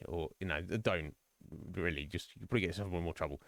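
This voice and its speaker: Man, streamer host, rambling casual chat, joking, fairly low voice, dry close sound. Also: fairly quick, a bit bright, no echo.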